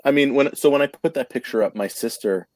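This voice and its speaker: A man hosting a casual podcast chat, joking and telling stories in an animated way. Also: medium pitch, fairly quick, no room sound. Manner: animated, jokey storyteller. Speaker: podcast host.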